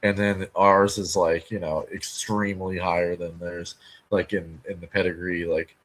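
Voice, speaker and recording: A man's voice: deep voice, flat delivery, normal speed, a bit bright, low-quality recording. A man from the United States co-hosting a coin podcast, talking loosely with lots of "like" and "you know". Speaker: coin dealer podcast co-host. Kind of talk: casual shop talk podcast.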